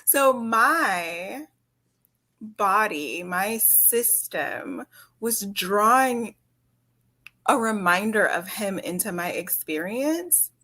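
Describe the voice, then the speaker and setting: A woman co-hosting a relaxed chat show. She is candid and frank, and swears now and then. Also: mid-range voice, very slow. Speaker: podcast co-host. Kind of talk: casual chat.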